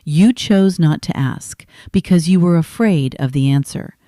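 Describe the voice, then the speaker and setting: A woman in her twenties reading a scripted first-person story in a calm, measured, restrained way. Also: on the low side, dry recording, clean studio sound. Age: 20s. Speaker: narrator.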